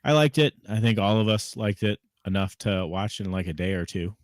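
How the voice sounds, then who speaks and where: Man, deep voice, casual podcast chat, wry questions, dry sound. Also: lively intonation, brisk, dry recording. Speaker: podcast co-host.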